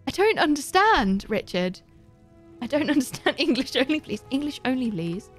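A woman's voice: high voice, very animated, moderate pace, faint music behind. A woman livestreaming a video game, rambling in a playful, self-mocking way to her chat. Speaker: livestreaming gamer. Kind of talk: casual gaming commentary.

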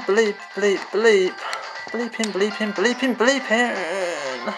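A man's voice: high-pitched, lively intonation, a little slow, low-quality recording. A man giving frustrated gameplay commentary, swearing and exclaiming. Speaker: gamer. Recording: game music behind the voice.

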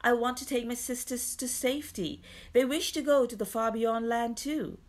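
An honest young boy calling out in a clear, ringing voice , as the woman narrator plays him. His voice sits a little higher than her own. He sounds earnest and bold. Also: normal speed, close to an everyday voice.

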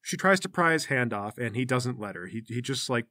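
A man narrating as game master of a tabletop game, telling the story in a wry, deadpan way. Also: medium pitch, brisk, no room sound, studio quality.

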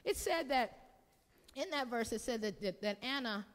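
A woman pastor delivers a sermon, building with repeated phrases and calls for an answer from the congregation. Her voice sits a bit high, and it rings out with the long reverb of a church hall. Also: lively intonation, normal speed. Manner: preaching with call-and-response and repetition. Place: church sanctuary.

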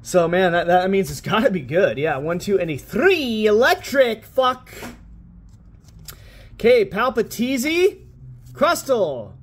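A young man with a high, sing-song voice hosts a card-opening video, speaking slowly. Tearing through pack after pack, he grows more frustrated, swearing and wisecracking throughout.

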